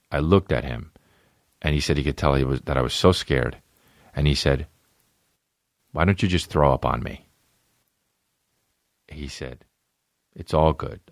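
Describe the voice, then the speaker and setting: A man hosting a podcast, telling a funny family story and acting out a scared child in a high voice. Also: gravelly, dry recording, clean studio sound. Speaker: podcast host. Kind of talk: solo comedic storytelling.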